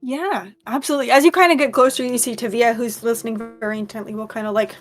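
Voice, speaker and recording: A woman's voice: a little high, steady tone, quick pace, faint music behind. A woman narrating a tabletop game as game master, rambling with many fillers.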